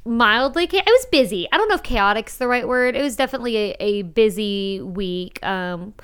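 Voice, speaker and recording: A woman's voice: on the high side, expressive, normal speed, fairly bright tone, clear, resonant tone. A woman co-hosting a podcast, chatting casually with dry, easygoing banter. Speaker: podcast co-host. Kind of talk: casual chat.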